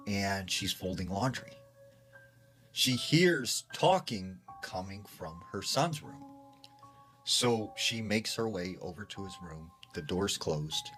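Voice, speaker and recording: A man's voice: lowish voice, a bit bright. A man casually retelling a secondhand creepy story, peppering it with filler words.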